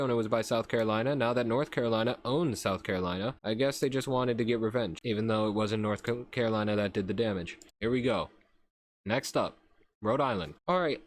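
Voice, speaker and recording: Sarcastic young man commentating a game. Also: medium pitch. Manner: sarcastic, self-mocking, swears freely. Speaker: YouTube commentator. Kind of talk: casual gameplay commentary.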